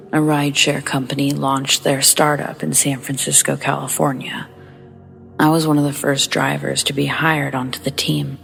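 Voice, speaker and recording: A woman narrating a scary story in a hushed, somber storytelling manner. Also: rumbling low, creaky.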